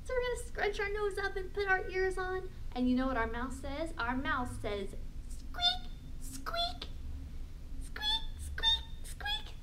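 A woman librarian leading a storytime for young children, talking in an animated, exaggerated sing-song way. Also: very high-pitched, normal speed, hardly any pauses, heavy background noise.

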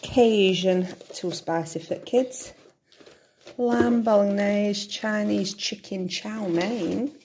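Gravelly-voiced woman chatting at home. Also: medium pitch, steady tone, takes it slowly, warm tone, slight background noise. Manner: rambling, thinks aloud, self-interrupting. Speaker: vlogger. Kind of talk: casual chatty vlog. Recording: echoey room.

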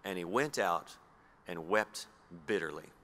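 A man from Australia preaching a sermon, reading scripture slowly and low and putting questions to his listeners. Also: animated, fairly bright tone. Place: church hall. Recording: long hall reverb.

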